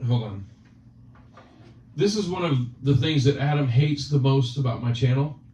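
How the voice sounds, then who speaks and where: A man's voice: medium pitch, lively intonation, moderate pace, mellow, a little hiss or hum. A man hosting a casual chat, teasing his guest in joking banter. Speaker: channel host. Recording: roomy, distant, dull sound.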